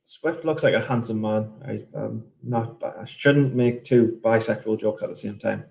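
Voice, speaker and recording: A man's voice: medium pitch, a little slow, gravelly. A man live-streaming his trading, chatting casually while drinking whiskey, rambling and swearing between jokes. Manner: rambling, profane, joking. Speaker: day-trading livestreamer. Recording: roomy echo.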